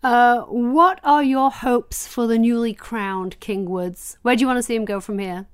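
A woman co-hosting a casual podcast chat, quick and enthusiastic, often laughing. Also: on the high side, fairly even intonation, smooth. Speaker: podcast co-host.

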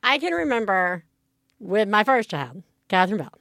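Brief: young woman co-host, frank and swearing freely, fry in the voice, dry sound. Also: medium pitch, big pitch swings, moderate pace, fairly bright tone, dry recording. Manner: candid, laughing, swears freely. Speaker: podcast co-host. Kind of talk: casual chat.

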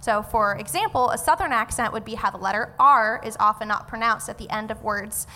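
Female co-host, bright tone, giggly, live hall reverb. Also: fairly high pitch, a little fast. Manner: giggly, laughs between lines. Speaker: guest co-host and judge. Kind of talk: live quiz show fact reading. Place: live stage.

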